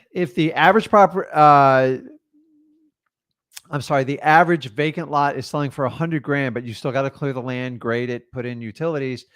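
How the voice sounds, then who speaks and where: This is a man in the middle of his range, talking like a real estate coach in a loose, plain-spoken lesson. His delivery is blunt and lively, with the odd "like" and "man" dropped in as he explains. He chats easily with a caller between points. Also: mid-range voice. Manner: blunt and animated, with frequent filler "like" and "man". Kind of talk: casual teaching and live Q&A.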